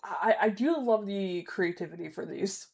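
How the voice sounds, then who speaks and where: A woman's voice: mid-range voice, normal speed, darkish tone, husky. Rambling woman streamer. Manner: rambling, self-correcting, laughs easily. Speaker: streamer host. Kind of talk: casual livestream reaction chat.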